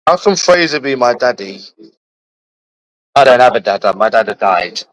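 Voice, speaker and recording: A man's voice: medium pitch, lively intonation, moderate pace, a bit bright, no room sound, low-quality recording. A young man, chatting casually with friends in repetitive, laughing, slangy banter. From London. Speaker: streamer.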